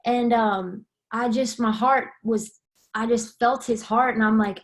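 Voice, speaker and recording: A woman's voice: on the high side, slow pace. A young woman, giving a candid personal testimony and acting out quoted dialogue as she tells it. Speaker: guest sharing her testimony.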